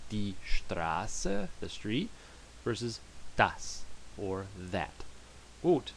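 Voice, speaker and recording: A man's voice: fairly low pitch, slight background noise. A man teaching German pronunciation in a screen-share lesson, patiently repeating each word for practice.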